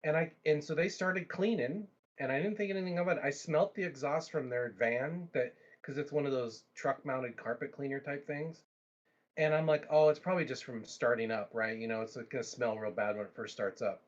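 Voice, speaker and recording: A man hosting a livestream, telling a long story in a casual, animated way with frequent restarts and asides. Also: medium pitch, fairly quick, dull audio. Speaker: livestream host.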